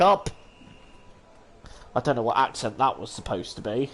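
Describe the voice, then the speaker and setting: A gaming channel host talks to himself during a racing game in casual commentary, criticizing his own play and bursting out in exasperation. His mid-range voice is sing-song at a moderate pace with frequent pauses, over faint game music.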